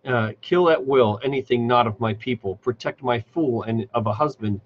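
A man's voice: mid-range voice, moderate pace, lo-fi sound, a little hiss or hum, natural voice. Imperious forest witch queen, as a man puts her on. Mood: commanding. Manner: cold, imperious delivery. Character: powerful forest witch queen, regal and ruthless.

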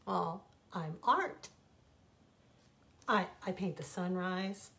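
A woman voicing a kind man who paints the sunrise, in a storybook fable, speaking gently with small hesitations. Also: on the low side, very slow, vocal fry, full character voice. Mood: tender.

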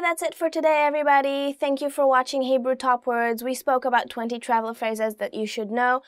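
A young woman hosting a casual video language lesson, chatty and laughing often, saying each phrase slowly and clearly. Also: a little high, dry recording, clean studio sound. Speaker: language teacher, show host.

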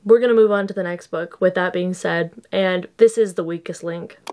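A woman's voice: on the low side, steady tone, moderate pace, a little mellow, slight background noise. A young woman book vlogger talking casually and with exasperation to her viewers, breaking off for asides. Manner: chatty and exasperated, with laughs and asides. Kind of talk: casual reading vlog.

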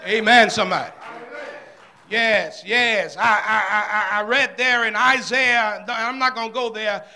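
Man, preacher, church service sermon, very high voice, slow delivery, fervent, call-and-response. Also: bright, forceful tone.

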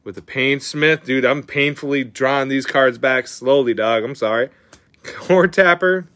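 A young man hosting a card pack opening in an excitable, slangy chat, calling viewers dude and bro. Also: medium pitch, dry recording.

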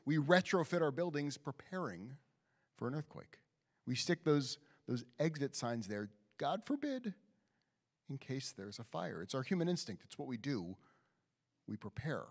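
A man, a rabbi, telling a story in a sermon and acting out the voices of the people in it. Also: mid-range voice. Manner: storytelling, animated, acts out quoted voices. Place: synagogue sanctuary. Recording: long hall reverb.

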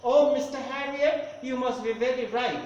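A man's voice: very high-pitched, fairly even intonation, moderate pace, muffled recording, pitched above the performer's own voice. A man putting on a pleading, doting woman. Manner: pleading, sighing. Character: doting childless woman pleading over her pet. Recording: echoey room with faint noise.

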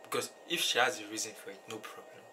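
Halting young man over background noise. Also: lowish voice. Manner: earnest, halting, restarts often. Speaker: guest. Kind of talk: casual chat.

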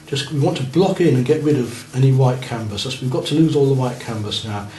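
Speaking fairly quickly in a mellow, medium-pitched voice, a male art teacher coaches beginners through a painting lesson as he works. He encourages the class and looks over what students are doing. It's recorded in a roomy space with a little faint noise.

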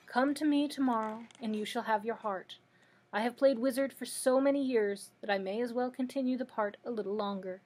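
A woman's voice: on the high side, fairly quick, natural voice. A woman reading aloud as an old man who is a false wizard, confessing meekly. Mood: reassuring. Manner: confessing, gentle storytelling delivery. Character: old male humbug wizard, meek and apologetic.

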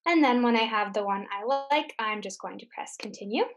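A woman tech tutor giving a screen-share software lesson, explaining each step patiently. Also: a little high, brisk. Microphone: computer mic on a recorded webinar.

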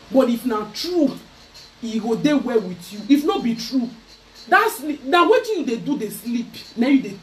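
Nigerian lady going off on her haters, mocky and loud, voice all over the place, kinda far from the mic. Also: high voice, a little hiss or hum. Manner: loud, mocking, switching into Pidgin. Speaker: vlogger. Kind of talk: ranting to camera.

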